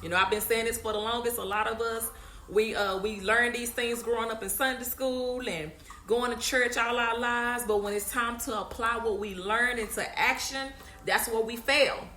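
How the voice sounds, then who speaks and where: A woman's voice: a little high, steady tone, normal speed, pushed and bright, roomy sound, soft background music. A woman hosting a podcast, giving a conversational, preachy faith talk straight to her listeners. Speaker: podcast host.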